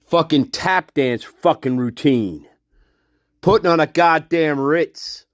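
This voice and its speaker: A man hosting a livestream, slowly reading out and mocking a statement in a profane rant. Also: fairly high pitch, no echo, clean studio sound. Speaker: channel host. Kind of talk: livestream commentary.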